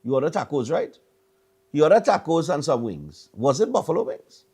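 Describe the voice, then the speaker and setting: A man's voice: fairly high pitch, sing-song, normal speed, darkish tone, breathy edge. A middle-aged man with a Trinidadian accent, hosting a morning show and telling stories in a casual, rambling way with stammered repeats. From Trinidad and Tobago. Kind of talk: casual chat.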